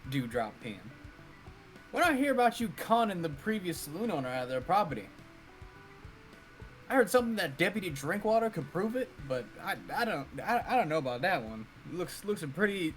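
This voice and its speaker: A man's voice: on the high side, very animated, brisk, a bit bright, faint music behind. A man voicing a folksy cowboy drifter and would-be singer, in a put-on Old West drawl, rambling as he talks, in a murder mystery role-play. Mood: defensive.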